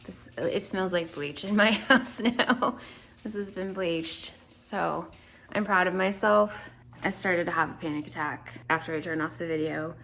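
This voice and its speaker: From her home kitchen, a woman recovering from surgery shares a casual video diary, sounding tired, rambling and emotional, laughing through the sadness. Her voice is on the low side, gravelly and a bit bright.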